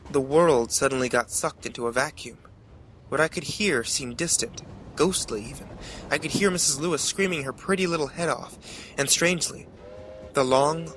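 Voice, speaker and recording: A man narrating a horror story in a measured, dramatic way. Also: mid-range voice, a bit bright, slight background noise.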